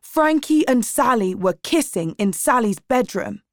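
Woman reader voicing a loud jeering schoolgirl, slow dry read. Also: mid-range voice, expressive, no room sound. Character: loud, mocking teenage schoolgirl.

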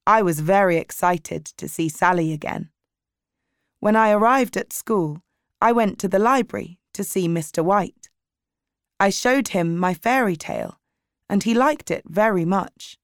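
A woman narrating a story aloud in a slow, clear, even reading voice. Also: fairly low pitch, dry recording, studio quality. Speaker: audiobook reader. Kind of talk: slow graded-reader narration.

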